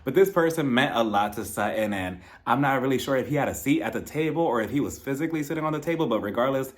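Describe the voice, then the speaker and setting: A man giving a casual, gossipy recap of a reality TV episode in a sassy, animated way, laughing often. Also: medium pitch, fast.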